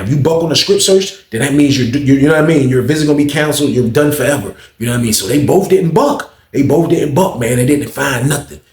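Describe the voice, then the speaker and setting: A man telling a story in a casual, animated way, acting out the people in it. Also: mid-range voice, roomy sound. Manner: animated, acts out voices in his stories.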